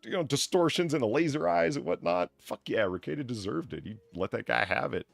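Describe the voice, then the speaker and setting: A man's voice: medium pitch, very animated, a little fast, gravelly, no room sound. A man hosting a livestream, talking casually, rambling and swearing freely. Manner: profane, rambling with restarts. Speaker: livestream host.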